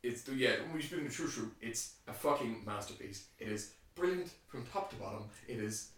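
Irish man, profane and animated. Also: mid-range voice, a little fast. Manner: profane, animated, lots of restarts. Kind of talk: casual chat. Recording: very echoey room, distant mic.

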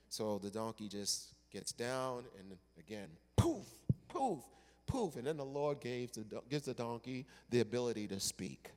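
A male pastor delivering a sermon with dramatic storytelling that swings from loud to hushed. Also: medium pitch, unhurried, big-room sound.

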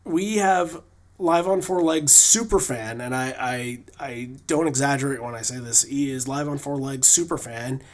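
A man's voice: medium pitch, normal speed. A man co-hosting a podcast, talking in a loose, rambling way with many fillers and restarts. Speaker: podcast co-host. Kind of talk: casual podcast chat. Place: lives in New England.

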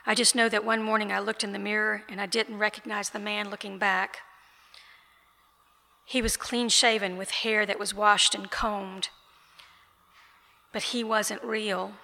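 A woman author reads her novel aloud in a steady, even voice. The voice is bright and gravelly, with very little rise and fall. The sound carries a long hall echo. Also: mid-range voice, measured pace, long pauses. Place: author event, indoors. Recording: reverberant event room.

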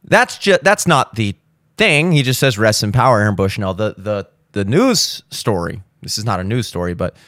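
A hungover young man hosting a podcast, talking casually and profanely, breaking into loud exasperated rants. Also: fairly low pitch, animated, moderate pace, dry recording, studio quality. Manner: profane, ranting, swings into loud exasperated outbursts. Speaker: podcast host. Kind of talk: casual monologue.

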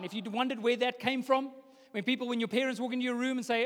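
A young man preaching a sermon, building from hushed passages to loud declarations. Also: very high voice, fast talker. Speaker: pastor. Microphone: microphone. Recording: long hall reverb.

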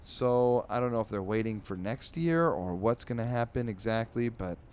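A man's voice: mid-range voice, darkish tone, a little hiss or hum. A man hosting a comedy podcast, reading newspaper comics aloud with rambling, sarcastic asides. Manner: does quick voices for characters. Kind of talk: casual comic reading with commentary.

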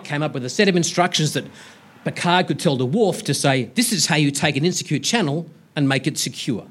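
Lively, humorous male lecturer. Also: on the high side, slightly rough. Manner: lively, humorous storyteller, self-deprecating asides. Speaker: university lecturer giving a public science talk. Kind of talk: storytelling public lecture.

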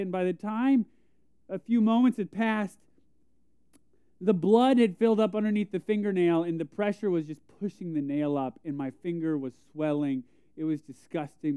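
A man's voice: sits high, mellow, clear, resonant tone, dry recording. A young man preaching a conversational sermon, telling self-deprecating stories and acting out quotes. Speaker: pastor. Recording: tinny phone-like sound.

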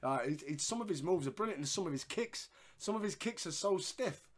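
A fairly high-voiced man talks through a wrestling match in casual podcast chat. He laughs often, swears freely and acts out lines as he goes. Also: expressive, fairly quick. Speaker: podcast co-host.

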